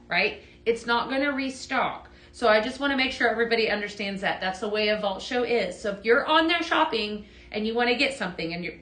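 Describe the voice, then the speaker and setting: A woman's voice: on the high side, pushed and bright. A woman hosting a live shopping stream, chatty and upbeat, greeting viewers by name as she demonstrates products. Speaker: host of a live shopping show. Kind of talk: live product demo selling chat. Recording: echoey room.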